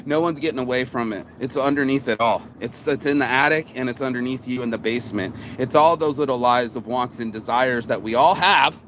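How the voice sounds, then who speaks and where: A man's voice: medium pitch, a little fast, few pauses, fairly bright tone, a little hiss or hum. Cocky rambling man vlogging outdoors. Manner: profane, cocky, rambling with restarts. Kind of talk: rambling casual monologue. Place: outdoors in the sun.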